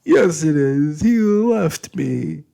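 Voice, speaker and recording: A man's voice: lively intonation, moderate pace, gravelly, mellow, husky, exaggerated voice. A man voicing a proud, sulky young woman who is crying and wailing her words. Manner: wailing, high-strung outbursts.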